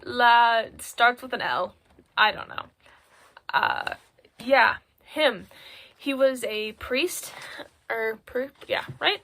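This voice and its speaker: A woman's voice: a little high, slow, pushed and bright. A teenage girl presenting a school project on a phone recording, retelling a story in a chatty, irreverent way full of filler words. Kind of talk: casual spoken recap in slangy storytelling.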